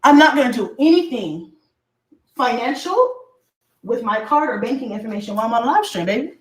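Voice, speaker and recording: A woman ranting on her livestream, loud, profane and taunting her viewers. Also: on the high side, expressive, fairly quick, roomy sound, a little hiss or hum. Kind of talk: brash livestream rant.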